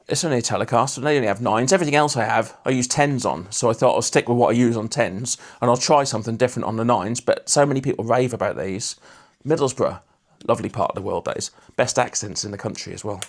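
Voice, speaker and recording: A man hosting a casual livestream, chatting and teasing viewers while he works on a guitar. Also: mid-range voice. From Lincolnshire, England. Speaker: livestream host.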